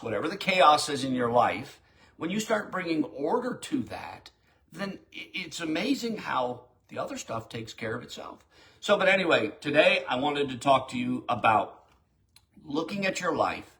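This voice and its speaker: A man's voice: fairly high pitch, a bit bright. A middle-aged man preaching a short daily devotional in a folksy, direct, exhorting way.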